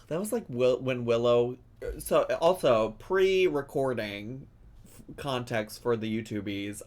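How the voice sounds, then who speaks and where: A man hosting a casual reaction video, chatty and emotional, swearing freely. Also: mid-range voice. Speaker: YouTube host reacting to a video.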